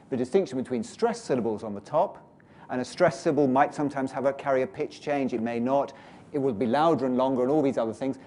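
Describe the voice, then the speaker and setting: A British teacher trainer with a warm, mid-range voice gives a workshop lecture to teachers, explaining ideas and leading the audience through exercises.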